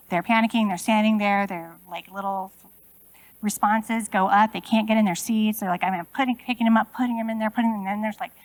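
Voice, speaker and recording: Gravelly-voiced woman giving a keynote. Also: medium pitch, no room sound, poor audio. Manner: conversational, asks the audience many rhetorical questions. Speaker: keynote speaker. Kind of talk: conference keynote talk. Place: conference room.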